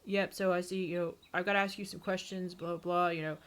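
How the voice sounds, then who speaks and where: A woman's voice: lowish voice, little pitch movement, brisk, pitched below the performer's own voice, lightly acted. A woman voicing a stern, angry male school principal who lectures and scolds.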